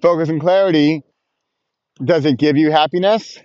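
A man's voice: fairly high pitch, normal speed, a little mellow, clear, resonant tone, no echo, muffled recording. A man talking casually to the camera outdoors, chatty and self-mocking, laughing often. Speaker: vlogger. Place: outdoors on a frosty beach with his dog.

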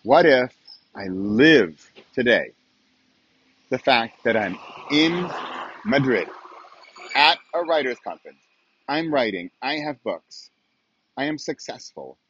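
A man's voice: mid-range voice, very animated, takes it slowly, long pauses, a bit bright, dull audio, slight background noise. A middle-aged man hosting his own podcast in a casual solo monologue, chatty and often asking the listener questions. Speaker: podcast host.

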